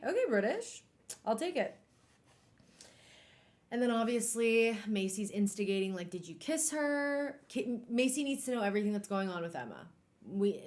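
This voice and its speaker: A young woman streams a casual book club, reading passages aloud and breaking off to chat about them. She talks in an animated, expressive way, swears without a second thought and laughs easily. Her pitch sits in an ordinary middle range.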